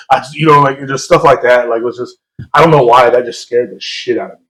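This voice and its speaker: A man's voice: medium pitch, fast, a bit bright. A young man co-hosting a podcast, telling a long story in a rambling, self-mocking way and laughing often. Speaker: podcast co-host. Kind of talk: casual storytelling chat. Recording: roomy echo.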